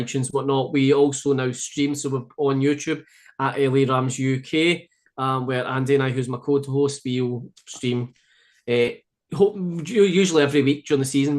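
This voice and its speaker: A man from Scotland with a Glasgow-area accent, chatting easily as a podcast guest with many fillers and restarts. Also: medium pitch. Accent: Scottish, Glasgow area. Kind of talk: casual chat.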